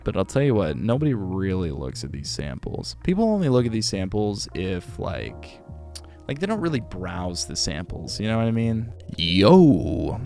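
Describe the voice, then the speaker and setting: A relaxed man rambling through a casual livestream. He reads chat questions aloud, and his slightly sore voice has a gravelly fry. His pitch swings widely, with faint music playing behind him. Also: normal speed. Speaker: audiobook narrator and livestreamer.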